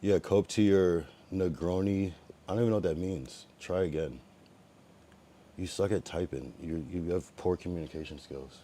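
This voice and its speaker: A young livestreamer chats casually from a room at home, reacting to viewers and answering his chat in a rambling, profane way. His extremely low voice moves at a moderate pace, swinging between a low mutter and loud taunting. Faint background noise runs beneath him.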